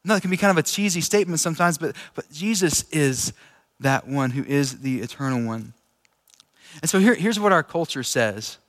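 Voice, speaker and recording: Guy preaching real casual and chatty, kinda high voice, big echoey hall. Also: normal speed. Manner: relaxed, chatty, laughs easily. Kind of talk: casual conversational sermon. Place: large room with an audience. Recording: echoey hall with long reverb.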